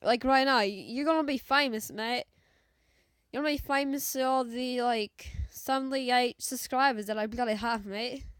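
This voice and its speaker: High-voiced woman, put-on British accent. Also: normal speed, smooth, dry recording. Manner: loud, excitable, slang-heavy. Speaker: gaming YouTuber. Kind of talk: mobile game commentary.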